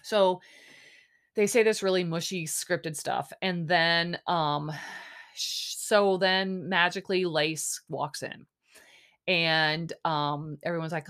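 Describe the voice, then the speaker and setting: A woman with a slightly low voice hosts a casual podcast recap. She sounds exasperated and sarcastic, talking loosely with many fillers and little mock quotes. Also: slow pace, fairly bright tone. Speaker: podcast host.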